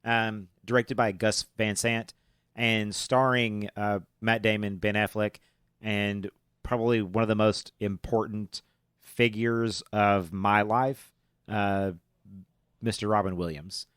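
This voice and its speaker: Low, smooth-voiced podcast host, a man. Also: steady tone, slow pace, a bit bright, no room sound, clean studio sound. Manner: rambling, many fillers and restarts. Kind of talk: casual movie chat.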